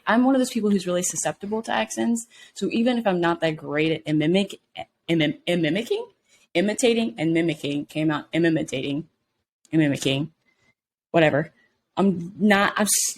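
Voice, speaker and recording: A woman's voice: low-pitched, slight background noise. A woman co-hosting a podcast in casual chat, teasing and playfully insulting her co-host.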